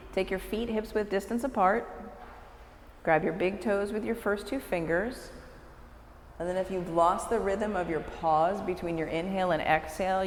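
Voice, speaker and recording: A woman, a yoga teacher leading a live class with slow, calm cues and encouraging asides. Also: on the low side, slight background noise. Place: yoga studio, large room. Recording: echoey studio recorded live from a distance.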